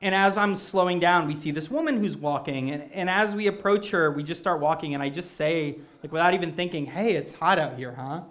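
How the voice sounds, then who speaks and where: A man performing stand-up storytelling on stage before a live audience, animated and self-mocking. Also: a little high, a little fast, hardly any pauses. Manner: animated, self-mocking, acts out quoted voices. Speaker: comedic storyteller.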